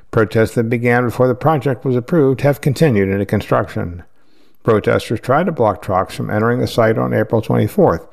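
A man's voice: medium pitch, gravelly. Man reading news articles aloud. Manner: steady, measured reading with occasional slips. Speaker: news reader.

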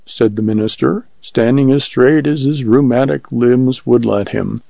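Male story narrator, gravelly and dark, dry muffled recording. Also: mid-range voice, measured pace, few pauses, no room sound.

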